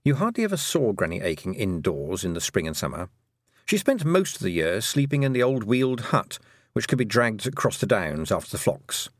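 A man narrating an audiobook with gently wry, unhurried storytelling. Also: lowish voice, sing-song, dry recording, clean studio sound.

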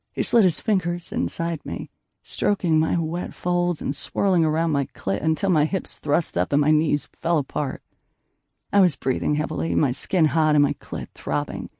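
A man reading a first-person audiobook in a soft, intimate way, at times dropping to a breathy hush. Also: fairly high pitch, no room sound, studio quality. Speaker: audiobook narrator.

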